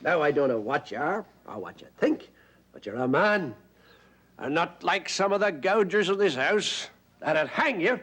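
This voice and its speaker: An actor playing a drunk, boastful middle-aged Orangeman tenant, swaggering and loud. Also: on the high side, lively intonation, unhurried, breathy edge, exaggerated voice. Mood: blustering. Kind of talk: stage play acting.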